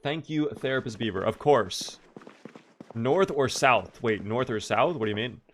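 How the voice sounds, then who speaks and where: A Maryland man from the US East Coast streams a game live, chatting casually and fielding viewers' questions as he plays. His medium-pitched voice is expressive and a bit bright, with a measured pace and a little hiss or hum in the audio.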